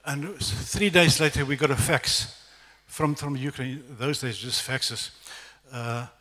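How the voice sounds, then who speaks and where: A middle-aged man with a South African accent, telling a lively, self-deprecating testimony as a guest preacher at a church evening service. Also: medium pitch, takes it slowly. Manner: storytelling, animated, self-deprecating humor. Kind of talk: testimony sermon. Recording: echoey church hall reverb.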